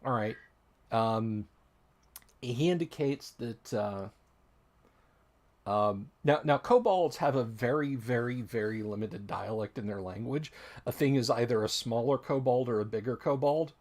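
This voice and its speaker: A man's voice: medium pitch, unhurried, darkish tone. A man running a tabletop game as game master, describing the scene with frequent restarts.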